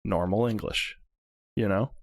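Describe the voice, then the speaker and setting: A man's voice: lowish voice, steady tone, a little slow. A man from central Indiana co-hosting a podcast, ranting animatedly in casual chat and laughing at his own points. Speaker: podcast co-host.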